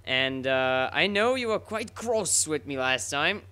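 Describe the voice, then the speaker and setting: Young male gaming host, rambling, sweary, bright tone. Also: fairly high pitch, a little slow. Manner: excitable, rambling, sweary, self-mocking. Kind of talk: live gameplay commentary.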